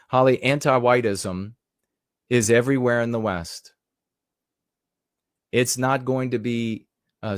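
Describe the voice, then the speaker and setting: A man's voice: medium pitch, no echo, studio quality. A man giving a rhetorical, indignant commentary monologue, repeating phrases for emphasis. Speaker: political commentator.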